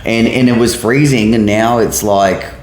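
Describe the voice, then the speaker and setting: Laid-back Australian man, lowish voice. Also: fairly even intonation, measured pace, a little mellow, reverberant. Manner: laid-back, rambling with fillers. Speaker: podcast co-host. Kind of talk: casual chat.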